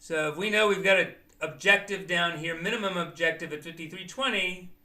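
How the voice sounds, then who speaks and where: A man's voice: sits high, brisk, pushed and bright. A man teaching day trading live, explaining chart signals step by step and thinking aloud as he goes. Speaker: trading educator. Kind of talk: live market commentary.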